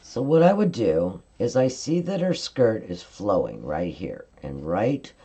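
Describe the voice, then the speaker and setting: A woman's voice: extremely low pitch, sing-song, a little slow, dark tone, husky. A woman giving a live-stream card-making tutorial, explaining each coloring step in a chatty way and often checking in with "okay?".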